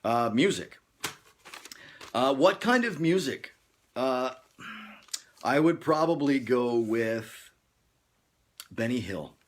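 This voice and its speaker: A man's voice: mid-range voice, sing-song, slow, long pauses, a little hiss or hum. A man hosting a casual livestream, rambling and joking, chuckling often as he talks to viewers. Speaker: livestream host. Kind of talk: casual live-stream chat.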